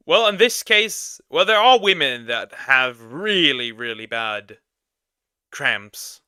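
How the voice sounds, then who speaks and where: A man's voice: medium pitch, very animated, slow, clean tone, no room sound, clean studio sound. A man reacting to videos as a streamer, casual, crude and swearing. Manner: crude, swearing, bursts of loud laughter.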